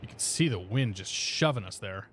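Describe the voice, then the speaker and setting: A man's voice: fairly low pitch, moderate pace, slight background noise. Chatty man with a vaguely Midwestern accent. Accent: vaguely Midwestern with some Boston flair. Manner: relaxed, chatty, reads back clearances in pilot radio style. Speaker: flight sim streamer. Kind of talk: casual gameplay commentary with radio calls.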